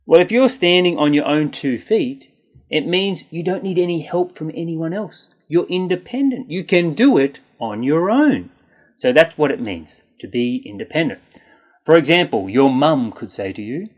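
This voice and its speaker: An English pronunciation teacher who says each word slowly and repeats it, stretching out the sounds, in a patient, encouraging way. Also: medium pitch, lively intonation. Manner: slow, deliberate, exaggerated enunciation with repeated words. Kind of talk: scripted pronunciation lesson.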